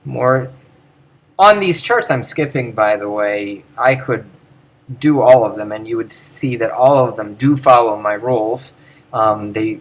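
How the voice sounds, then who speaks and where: A middle-aged man giving an unscripted video lecture, thinking aloud with many pauses, fillers and restarts. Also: lowish voice. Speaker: lecturer on Greek pronunciation.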